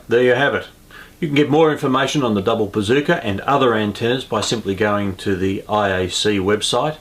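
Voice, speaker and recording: A man with a fairly low voice signs off an amateur radio review. He talks in a friendly, unhurried way and slows down to spell out call signs and web addresses. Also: a bit bright. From Australia. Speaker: ham radio presenter. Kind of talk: casual review sign-off.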